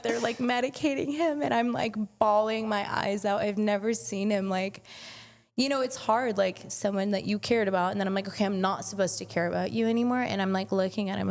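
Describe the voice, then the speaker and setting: A woman's voice: fairly high pitch, normal speed, creaky. A young woman on a podcast, casually telling a personal story, peppered with "like" and swearing. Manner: chatty, frequent "like", swearing. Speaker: podcast guest.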